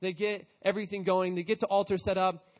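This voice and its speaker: A man's voice: sits high, fairly quick. A man leading a youth service, casually retelling a scripture story while others act it out. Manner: casual, animated retelling with quoted voices. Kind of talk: storytelling sermon.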